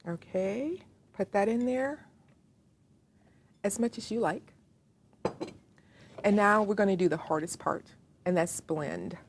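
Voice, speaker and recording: There's a little hiss or hum as this Southern-accented woman hosts a home cooking demonstration from her kitchen. Her mid-range voice is gravelly and slow, with long pauses, and she chats to the viewer as she works.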